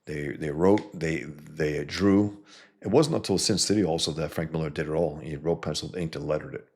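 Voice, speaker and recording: Male host, rough husky bass voice, scornful and rambling. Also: fairly even intonation, moderate pace, darkish tone. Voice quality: gravelly, husky low voice. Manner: blunt, scornful, lots of filler and restarts. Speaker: comic book creator and video host. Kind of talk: casual rambling talk to viewers.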